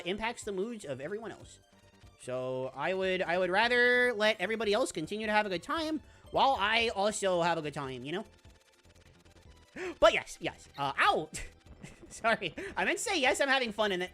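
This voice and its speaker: A woman streaming a video game, chatting casually with her viewers, laughing often and squealing when things get exciting. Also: medium pitch. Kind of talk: casual live-stream commentary.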